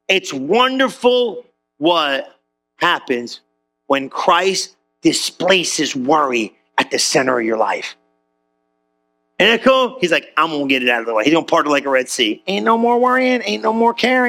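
A male pastor preaching an animated, conversational sermon in church, slangy and joking with the congregation. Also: on the high side.

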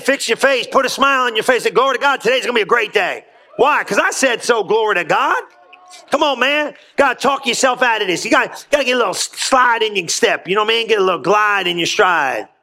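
A man delivers an energetic sermon in a high voice ringing with forceful brightness, sounding like a pastor at a church pulpit. Folksy and colloquial, he keeps urging the room to answer back in rousing call-and-response.

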